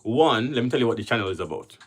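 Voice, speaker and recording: A man's voice: mid-range voice, expressive, quick pace. A man from Jamaica with a Jamaican accent, hosting a casual livestream and chatting with viewers as he reads their comments aloud. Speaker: livestream host.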